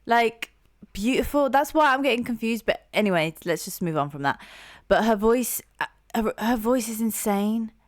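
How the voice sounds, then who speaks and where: A woman's voice: on the high side, lively intonation, moderate pace, dry recording, studio quality. A young woman hosting a music reaction, gushing and rambling with lots of fillers and restarts. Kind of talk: casual reaction commentary.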